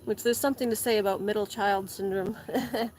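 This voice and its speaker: A woman's voice: mid-range voice, fairly even intonation, a little fast, a little mellow, slight background noise. A young woman vlogger chatting casually while gardening, rambling, saying "like" a lot and laughing often. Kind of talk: casual chat. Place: garden, repotting plants.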